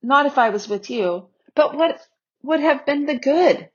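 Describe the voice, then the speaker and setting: A woman's voice: expressive, unhurried. Woman voicing an eager young girl. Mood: eager, pleading. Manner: high, breathless and pleading. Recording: slightly dull lo-fi recording.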